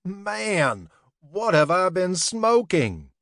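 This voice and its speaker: A man voicing a weary young adventurer who grumbles in a low mutter, in an audiobook. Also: very animated, normal speed, dry recording, studio quality. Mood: giddy.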